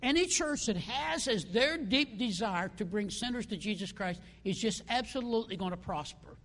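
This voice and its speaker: High-voiced animated male preacher. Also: moderate pace, big-room sound. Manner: animated, acts out quoted characters. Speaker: pastor. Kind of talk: sermon.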